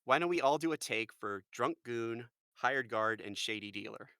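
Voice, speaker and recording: An American man, a voice actor, chatting in a lively, jokey way as a podcast guest. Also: medium pitch, moderate pace, dry recording, studio quality. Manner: animated, jokey, full of fillers. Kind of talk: casual podcast chat.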